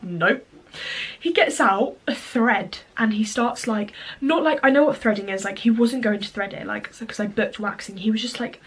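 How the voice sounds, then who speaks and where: A woman's voice: fairly high pitch, moderate pace, breathy edge. A young woman with a cold, telling a story to the camera in a casual vlog with lots of chatty fillers. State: has a cold. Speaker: vlogger.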